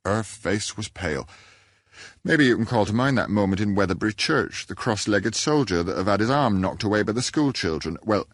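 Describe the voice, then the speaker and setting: A man voicing a solemn rustic villager who tells his tale with grave, deliberate emphasis. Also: on the low side, no echo, studio quality. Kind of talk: audiobook character reading.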